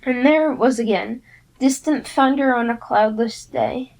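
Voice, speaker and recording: A woman narrating a novel aloud in an expressive first-person storytelling manner. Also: on the high side, measured pace, vocal fry, low-quality recording.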